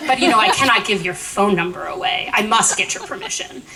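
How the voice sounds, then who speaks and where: A woman's voice: mid-range voice, a little fast, a crowd in the background, close to an everyday voice, poor audio. Woman putting on a gushing landlord with a thick accent. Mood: effusive. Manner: thick put-on foreign accent, effusive. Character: gushing middle-aged male landlord matchmaker.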